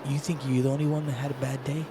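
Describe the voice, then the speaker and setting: A man's voice: medium pitch, little pitch movement, fast, a crowd in the background. A man playing a tabletop role-playing game, bantering and teasing the other players. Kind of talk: casual tabletop role-play.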